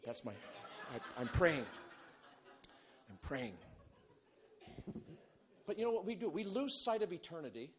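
A male pastor preaching a sermon, animated and humorous, moving between loud bursts and quiet, low asides. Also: unhurried, pauses often. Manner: animated, humorous preaching with big swings in loudness.

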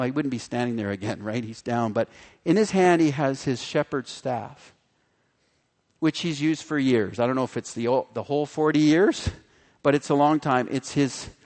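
Preacher man in a reverberant hall. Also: on the high side. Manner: animated, acts out the figures' voices in quotes. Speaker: pastor. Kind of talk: sermon.

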